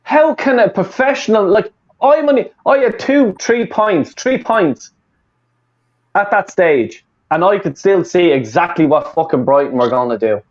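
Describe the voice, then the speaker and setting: A man's voice: high-pitched, expressive, measured pace. Sweary Irish man on muffled audio. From Ireland, Dublin. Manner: sweary, heated ranting. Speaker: fan podcast co-host. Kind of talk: casual chat.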